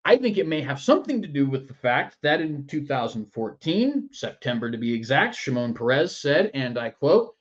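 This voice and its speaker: A man's voice: mid-range voice, very animated, fairly quick, hardly any pauses, dull audio. A man hosting a political commentary show in a sarcastic, mocking manner. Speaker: news commentary host.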